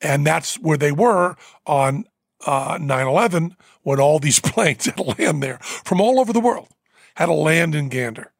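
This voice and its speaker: A man hosting a podcast, telling a rambling story with fillers and quick laughs. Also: fairly high pitch, animated, vocal fry, dry recording. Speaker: podcast host. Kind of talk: casual storytelling. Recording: dry close studio mic.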